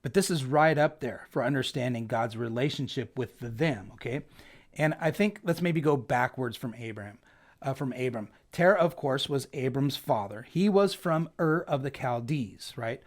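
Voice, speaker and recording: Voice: medium pitch, lively intonation, normal speed. A Bible teacher giving a conversational scripture lesson, often checking in with the listeners. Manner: chatty, peppers points with "right?".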